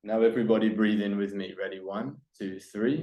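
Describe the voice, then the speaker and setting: A man's voice: lowish voice, steady tone, normal speed, hardly any pauses, reverberant, low-quality recording. Man coaching a live seminar room. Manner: emphatic, coaching the audience, swings between loud and hushed. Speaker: presenter teaching a workshop.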